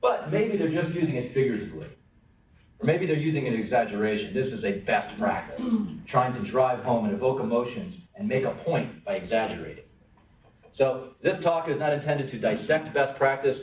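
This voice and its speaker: At a lunch-and-learn, a man talks conversationally to a workplace crowd, often asking questions and sometimes performing quoted voices. His mid-range voice is animated and brisk with a darkish tone, recorded roomy and distant with faint room noise.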